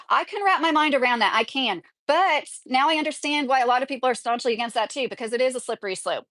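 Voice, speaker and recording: A woman's voice: high-pitched, quick pace, few pauses, a bit bright, no room sound, clean studio sound. A woman in her thirties from Kentucky, talking at home in a rambling, opinionated livestream chat and reading viewer comments aloud. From Kentucky, USA. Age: 30s. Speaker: vlogger.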